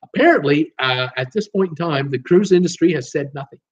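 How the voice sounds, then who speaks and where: Going through his live chat, a host reads viewer names and comments aloud, stumbling here and there while staying casual, talkative and quick to laugh. His voice is on the high side, expressive and brisk, with the highs cut off in the recording.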